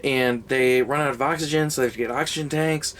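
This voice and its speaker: A man's voice: medium pitch, fairly even intonation, fast talker, a bit bright, a little hiss or hum. A young man giving a casual, comedic movie review, rambling and sarcastic, with frequent swearing.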